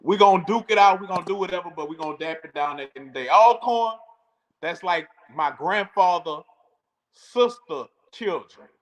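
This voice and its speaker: A man's voice: sits high, normal speed, a bit bright, poor audio. A man co-hosting a sports podcast, bantering and repeating his points in playful trash talk. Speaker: podcast co-host.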